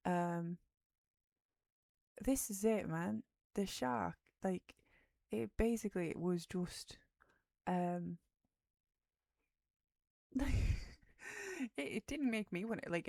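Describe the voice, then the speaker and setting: A woman's voice: medium pitch, measured pace, creaky, long pauses, mellow, no echo, studio quality. A tired woman streamer, rambling in casual chat about a film and sometimes dropping to a whisper. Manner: rambling, drifts off topic, drops to a whisper at times. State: tired, yawning. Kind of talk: casual movie chat on a livestream.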